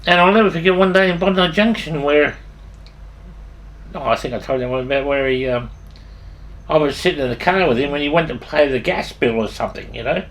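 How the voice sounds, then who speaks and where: A man's voice: on the high side, fairly quick, a bit bright. An older man with an Australian accent telling rambling, salty stories from his past, swearing freely and often restarting his sentences. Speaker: storyteller. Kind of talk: rambling anecdotal storytelling.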